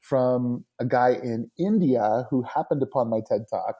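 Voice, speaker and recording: A man's voice: medium pitch, unhurried, breathy edge. A man speaking as a podcast guest and worship leader, talking earnestly and casually about connecting with people. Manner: earnest, warm about his community. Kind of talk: casual interview chat.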